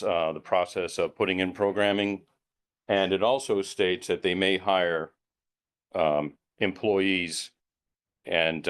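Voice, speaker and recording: Very deep-voiced hesitant man. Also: fairly bright tone. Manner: hesitant, many ums, measured explanation. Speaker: elder affairs board member. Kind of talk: explaining at a public meeting.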